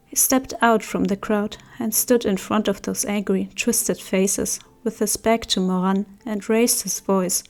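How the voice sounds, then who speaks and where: A woman's voice: mid-range voice, soft background music. Woman narrating an audiobook. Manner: steady, measured storytelling. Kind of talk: scripted narration.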